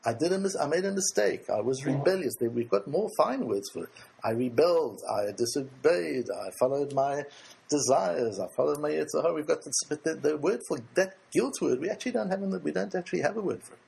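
Male religious teacher, rhetorical questions, very husky, lively pitch. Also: fairly quick. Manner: rhetorical questions, answering himself; earnest, emphatic. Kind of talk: Torah lecture to a group.

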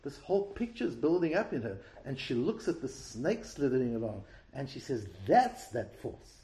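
A man's voice: medium pitch, big pitch swings, fairly quick, mellow. A man giving an explanatory Torah class who asks rhetorical questions and repeats words as he restarts his phrases. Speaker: Torah teacher. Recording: roomy echo.

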